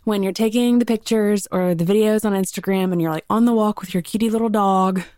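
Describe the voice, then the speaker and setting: A woman's voice: medium pitch, fairly even intonation, fairly quick, dark tone, dry recording. A woman with a Southern US accent hosting her podcast alone, chatting in a bubbly, filler-heavy way into a studio microphone. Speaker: podcast host. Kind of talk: solo casual podcast chat.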